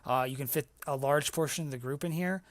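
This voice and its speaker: A young man narrating as game master in a tabletop game, halting and full of fillers. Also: on the high side, dry recording.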